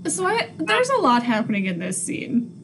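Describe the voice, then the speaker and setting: A woman co-hosting a podcast, excitable and profane as she riffs on a film. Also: fairly high pitch, normal speed, a little hiss or hum. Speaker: podcast co-host. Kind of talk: casual movie chat.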